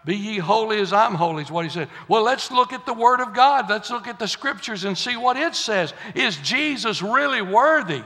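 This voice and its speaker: A man preaching a sermon in a church, folksy and building to fiery shouts. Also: high-pitched, lively intonation, normal speed, few pauses. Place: church sanctuary. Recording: long hall reverb.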